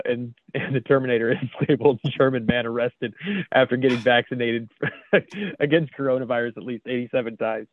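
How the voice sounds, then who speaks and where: A man's voice: mid-range voice, dry recording. A man from the United States co-hosting a casual podcast, reading jokes aloud and laughing often at them. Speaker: co-host reading memes. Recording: dry, phone-like call audio.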